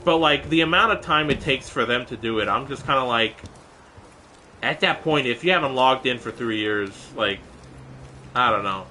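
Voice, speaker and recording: A man's voice: on the high side, bright, forceful tone, a little hiss or hum. A young man streaming live, chatting casually and rambling in an exasperated way, full of fillers and restarts, sometimes mock-angry at a viewer.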